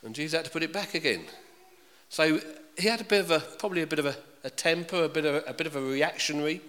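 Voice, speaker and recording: Bright-voiced preacher in a hall. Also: male voice, fairly high pitch, quick pace. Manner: conversational, asks the congregation questions. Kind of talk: sermon. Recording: reverberant hall.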